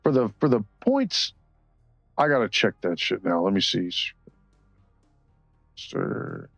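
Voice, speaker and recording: A man's voice: fairly low pitch, wildly swooping pitch, moderate pace, dry recording, faint music behind. A man chatting casually on a live stream while coloring, rambling and cursing freely between short laughs.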